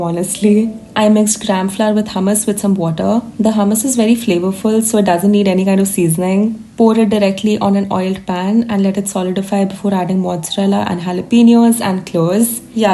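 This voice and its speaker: A woman's voice: medium pitch, dark tone, slight background noise. A young woman narrating a food vlog in a playful, sing-song way. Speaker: food vlogger. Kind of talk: casual voice-over narration.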